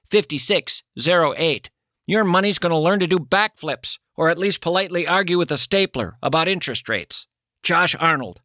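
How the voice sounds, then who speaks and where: Bright, playful man reading an ad. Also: high voice, no echo, clean studio sound. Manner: playful, theatrical delivery. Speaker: host reading an ad. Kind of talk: comic ad read.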